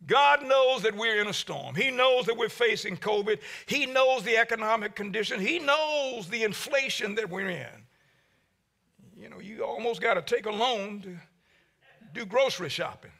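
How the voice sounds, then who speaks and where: A man preaching a sermon as pastor, with a preaching cadence that swells to shouts and drops low. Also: moderate pace, gravelly.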